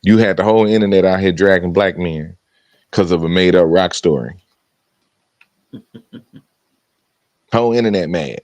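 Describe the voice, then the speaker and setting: A man with a very low voice, recorded dry and close. He talks bluntly and sardonically in a casual podcast, chuckling between his points. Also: normal speed, long pauses, darkish tone, no room sound. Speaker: co-host. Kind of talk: casual chat.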